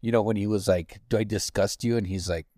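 Rambling male podcast co-host, lowish voice, dry close-mic sound, leans on fillers. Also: fairly even intonation, fast, warm tone, no room sound. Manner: rambling, many fillers like "you know what I mean". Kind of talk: casual chat.

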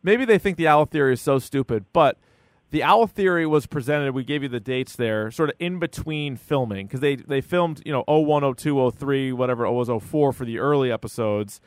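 A man's voice: mid-range voice, brisk, no echo. A man co-hosting a podcast, chatting casually and acting out what people said, with lots of "like". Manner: chatty, peppered with "like", acts out quotes. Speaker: podcast co-host. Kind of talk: casual chat about a true-crime series.

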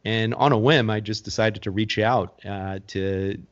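Low-voiced man, measured storytelling. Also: fairly even intonation. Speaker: actor and co-author guest. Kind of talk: interview storytelling. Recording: dull lo-fi recording.

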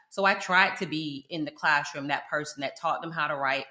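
A woman guest telling her story in an animated, emphatic way, with Jamaican parents and a South Florida upbringing. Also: low voice, fairly quick, hardly any pauses, roomy sound. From Jamaican parents, grew up in South Florida. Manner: animated, emphatic, quotes others in lively voices. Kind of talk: candid conversational storytelling.

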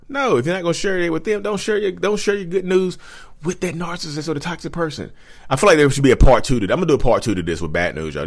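A man hosting a casual advice vlog, talking straight to viewers, animated and repetitive. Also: medium pitch. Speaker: channel host.

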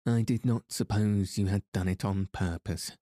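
A man reading the part of a mocking, sharp-tongued young lady in a storybook, speaking in old-fashioned words. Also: lowish voice, fairly even intonation, moderate pace, no echo, clean studio sound, natural voice. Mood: teasing. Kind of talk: audiobook reading.

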